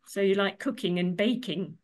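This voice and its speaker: A woman's voice: mid-range voice, moderate pace. A woman hosting an interview, encouraging young guests with frequent ums. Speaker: interview host.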